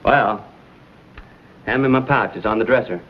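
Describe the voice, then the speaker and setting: An actor playing a bold frontier adventurer who talks in a wry, easygoing, cocky way. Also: male voice, on the low side, moderate pace, natural voice. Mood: amused. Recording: dull old TV audio with hiss.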